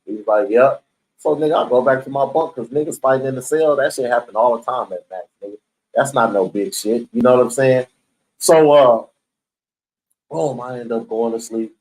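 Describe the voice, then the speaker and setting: A man's voice: medium pitch, moderate pace, a little mellow, rough recording. A young man telling a story in casual, slang-heavy talk, acting out the voices of the people he quotes. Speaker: storyteller recounting prison life.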